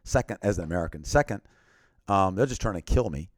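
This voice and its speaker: A man earnestly telling a personal story as an interview guest, often dropping to a quiet, grave tone. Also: low-pitched, lively intonation, quick pace, dry recording, studio quality.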